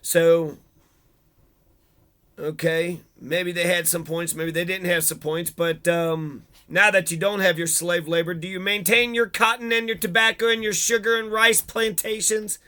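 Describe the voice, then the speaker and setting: A man with a high, bright voice riffs on old history in a loose, sarcastic way. He swears freely and mocks the quotes he reads aloud. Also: flat delivery, measured pace, smooth. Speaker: history channel host. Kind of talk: casual history commentary.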